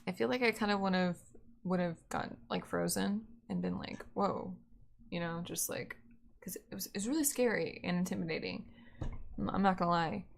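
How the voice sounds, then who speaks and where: A woman's voice: fairly low pitch, brisk, gravelly, a little hiss or hum. A young woman streamer telling a rambling, profane story in casual chat, full of fillers.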